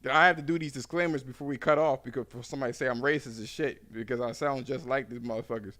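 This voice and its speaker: A man hosting a podcast in casual chat, rambling, profane and quick to laugh. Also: medium pitch, steady tone, pushed and bright. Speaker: podcast host.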